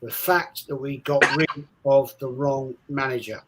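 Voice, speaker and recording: A man's voice: mid-range voice, steady tone, measured pace, a loud crowd, rough recording. A man in a casual fan chat, making an emphatic point, repeating himself and listing statistics. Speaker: co-host of a fan podcast.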